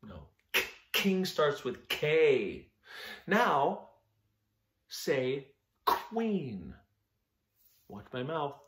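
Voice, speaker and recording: A man teaching a phonics lesson to young children, sounding out words slowly and with exaggerated care. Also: on the high side, sing-song. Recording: roomy echo.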